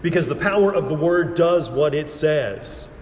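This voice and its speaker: A man delivering a sermon in a slightly high voice, slow and deliberate, leaning on repetition and dramatic pauses. His words ring out through a roomy church hall with a long reverb tail. A faint background hum sits under it all. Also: expressive, darkish tone. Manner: measured, emphatic preaching with repetition and dramatic pauses. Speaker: preacher.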